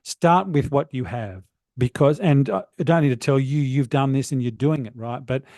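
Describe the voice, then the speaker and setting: A middle-aged man appears as a podcast guest, talking earnestly about wellness coaching in a motivational conversation and rambling with many fillers. His medium-pitched, slightly mellow voice moves at a moderate pace, in a dry, clean studio recording.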